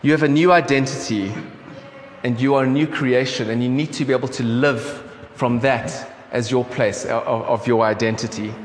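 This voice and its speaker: A pastor from South Africa, medium-pitched and steady in tone, preaches at a moderate pace in a laid-back, conversational manner full of ums and restarts. The setting is a church hall, and the recording is echoey with faint room noise.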